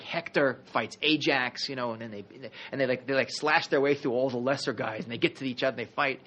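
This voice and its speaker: A man teaches a history class in the role of a rabbi, telling the story in a lively, conversational way and throwing in jokey asides. His pitch is medium, and the high frequencies are cut off in the recording.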